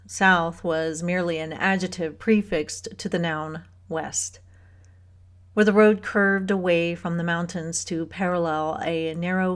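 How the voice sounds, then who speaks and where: Reading from a novel in scripted audiobook narration, this woman keeps a steady, measured storytelling pace. Her voice sits fairly low.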